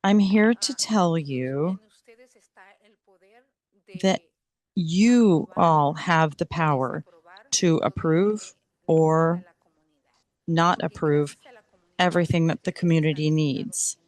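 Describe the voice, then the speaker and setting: At a council meeting, a woman interprets public comments into English, speaking slowly, deliberately and with measure. Her voice is low and darkish, with no echo.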